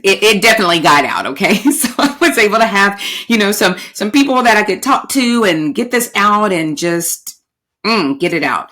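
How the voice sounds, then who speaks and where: A woman's voice: sits low, a bit bright. A married woman hosting her own podcast, talking casually and expressively to her listeners and laughing often as she goes. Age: adult, married. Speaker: podcast host. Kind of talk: casual solo podcast talk.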